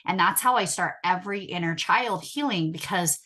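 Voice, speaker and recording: A woman in her thirties, a hypnotherapist and inner child healer, talking earnestly and emotionally in casual conversation, slowing down on key words. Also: lowish voice, bright, forceful tone.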